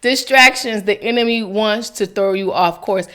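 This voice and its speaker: A woman's voice: medium pitch, normal speed, a bit bright, clean tone. A woman hosting a casual faith vlog, chatty and giggly, talking straight to her viewers. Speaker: devotional vlogger.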